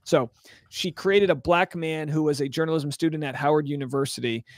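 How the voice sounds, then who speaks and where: Guest, man, quite high voice, rambling and jokey, close dry mic. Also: a little fast, dry recording. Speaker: podcast guest. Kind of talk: casual chat.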